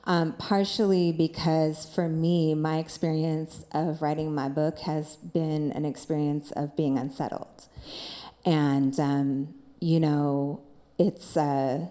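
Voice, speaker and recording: A woman dance scholar speaking on a panel, reflective and halting, thinking aloud with many fillers. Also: sits low, little pitch movement, warm tone. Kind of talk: panel discussion.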